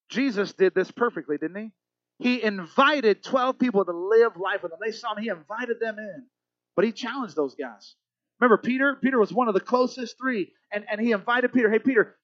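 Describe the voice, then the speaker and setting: A man with a high voice preaches a sermon. He swings from loud exhortation to hushed calm and puts pointed questions to his listeners. The sound is dry and a little dull. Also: dry recording. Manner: asks the congregation direct questions. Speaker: pastor.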